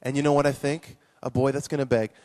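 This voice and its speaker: A man teaching children at a live conference session, animated and playful, praising his young volunteers. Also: mid-range voice, fast talker. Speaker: children's ministry speaker.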